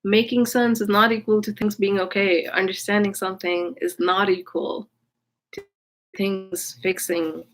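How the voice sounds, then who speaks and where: A woman's voice: medium pitch, fairly even intonation, a little slow, fairly bright tone, poor audio. A woman telling a personal story in a casual vlog, rambling with many restarts and speaking candidly with casual swearing. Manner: rambling, with frequent restarts and fillers. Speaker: vlogger.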